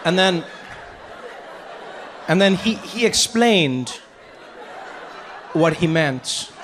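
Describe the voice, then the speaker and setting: A man from Africa, telling stand-up stories in an animated, self-mocking way. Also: sits high, drawn-out words, crowd noise. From South Africa. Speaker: stand-up comedian. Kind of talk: stand-up comedy. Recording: echoey hall with faint noise.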